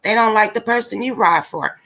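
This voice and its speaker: A woman's voice: mid-range voice, a little fast, pushed and bright. A woman hosting a casual livestream, ranting bluntly and with exasperation straight to her viewers. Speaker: livestream commentator.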